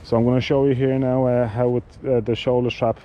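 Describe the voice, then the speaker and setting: Very dark-voiced man reviewing bike gear. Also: mid-range voice, level tone, highs cut off. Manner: halting, with many fillers and restarts. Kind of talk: casual product demonstration.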